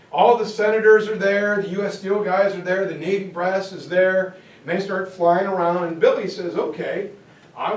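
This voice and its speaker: A man giving a history lecture as lively storytelling, acting out quoted voices and joking asides. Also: high voice. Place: classroom or lecture hall. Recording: echoey room, mic far off, faint ambience.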